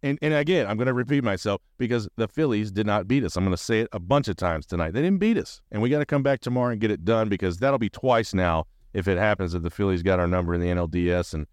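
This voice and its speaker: A man's voice: fairly low pitch, lively intonation, fast, hardly any pauses, a little mellow, clear, resonant tone, no echo, clean studio sound. A man hosting a sports podcast, talking casually and animatedly as a fan, rambling and swearing freely. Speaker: podcast host.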